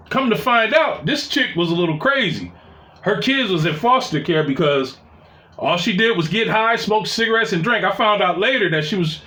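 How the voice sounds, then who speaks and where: A man's voice: sits high, pushed and bright. Profane, rambling male storyteller, echoey room. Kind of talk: casual personal storytelling.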